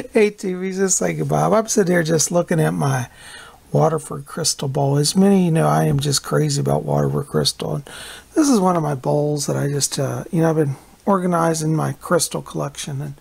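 A man's voice: a little high, creaky, darkish tone, slightly rough. A man chatting casually at home in a rambling vlog, looping back with "anyways" and restarts. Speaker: psychic vlogger.

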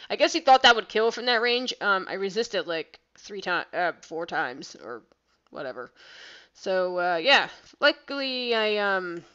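A woman's voice: mid-range voice, very animated, measured pace, pushed and bright, lo-fi sound. A woman giving casual gameplay commentary over her own battle, rambling and self-deprecating, with lots of "like" fillers.

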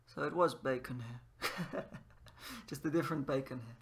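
Speaking at a measured pace with a mid-range, slightly bright voice, this man mixes gameplay chatter with Japanese lessons. He switches between trying phrases in Japanese and explaining them in English, thinking out loud as he plays.

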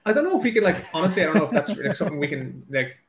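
A male fantasy author chatting casually on a livestream, excitable and rambling, swearing freely as he talks. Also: fairly high pitch, racing, reverberant, a crowd in the background.

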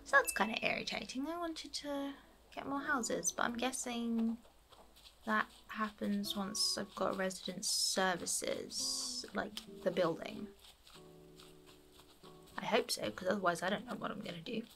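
A woman's voice: mid-range voice, unhurried, vocal fry, fairly bright tone, faint music behind. A woman giving playful, chatty commentary while playing a life-sim game. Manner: playful, chatty, fond of cute characters. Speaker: gameplay streamer. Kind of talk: casual gameplay commentary.

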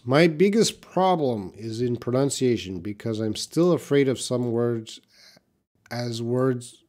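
Slow, patient male English teacher. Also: mid-range voice, a little mellow. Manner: answers viewer questions slowly and patiently, models words to repeat. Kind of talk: live-stream Q&A lesson.

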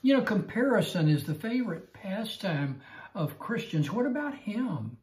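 This Bible teacher's voice is high-pitched, sing-song, and a little mellow, moving at a moderate pace. He is earnest but repetitive, stammering often as he restarts his sentences, and the room gives the recording a noticeable echo.

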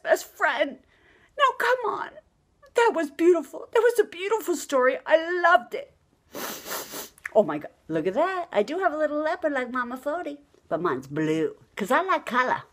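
A brash middle-aged woman chatting straight to the camera, gossiping and ranting for laughs. Her voice sits high and leaps up and down, shooting even higher on outraged questions. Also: moderate pace. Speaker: vlogger telling the news. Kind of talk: chatty comic monologue to camera.

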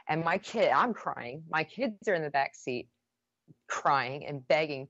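A woman's voice: low voice, moderate pace, a bit bright, dry recording, lo-fi sound. A woman guest on a podcast, earnestly retelling a painful personal story with many restarts.

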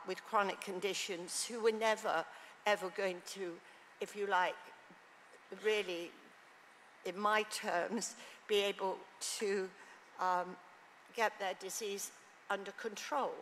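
A woman on a conference panel, speaking reflectively and haltingly with many restarts. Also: medium pitch, a bit bright, slight background noise. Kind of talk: panel discussion. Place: conference hall. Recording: long hall reverb, faint ambience.

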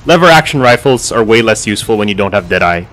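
A man's voice: on the low side, animated, fast, a bit bright. Joking man gaming. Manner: joking, swearing banter. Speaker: game player. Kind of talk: casual gaming chat.

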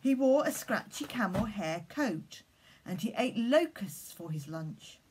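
A woman leading collective worship for primary school children, speaking gently and reading them a story. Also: medium pitch, sing-song, measured pace, noisy background.

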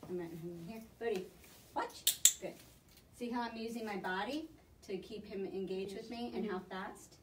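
A woman dog trainer gives quick, upbeat instructions during a hands-on session. Her voice sounds a little distant and echoes around the room. A faint hiss sits underneath. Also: medium pitch. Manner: brisk, encouraging instruction. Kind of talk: hands-on coaching.

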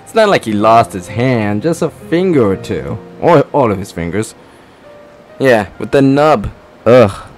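A man's voice: medium pitch, expressive, measured pace, faint music behind. A man giving crude, joking commentary as he streams a game, laughing often. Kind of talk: casual gameplay commentary.

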